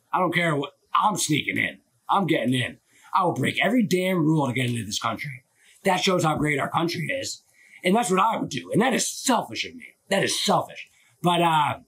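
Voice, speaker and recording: On a live stream he's hosting from his phone, a man with a slightly rough, fairly bright, a little high voice chats in a casual, rambling way. He offers lots of opinions, swears, and leans on filler words.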